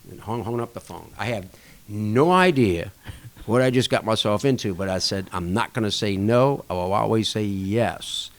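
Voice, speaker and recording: At a moderate pace, a restaurant association chair on a podcast spins a long, casual anecdote during a storytelling interview. He animatedly acts out the conversations, shifting his pitch up and down for each part.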